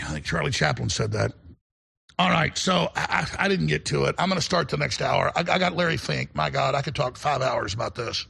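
A man's voice: on the high side, lively intonation, brisk, creaky, bright, forceful tone, slightly rough. A man hosting a talk radio show, delivering a rambling, emphatic monologue full of repeated restarts. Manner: emphatic and combative.

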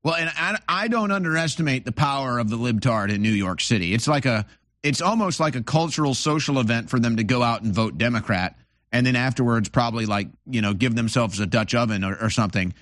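An opinionated man hosting a casual interview, rambling through his points and restarting his sentences often. His voice is mid-pitched and sounds dry and close to the mic. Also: a little fast, a bit bright, dry recording. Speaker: host.

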